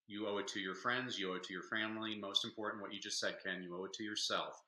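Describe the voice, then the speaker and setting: A man speaking as a guest in a casual interview, an energetic, joking storyteller. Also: fairly low pitch, fast talker, roomy sound, poor audio. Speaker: guest, reading advocate.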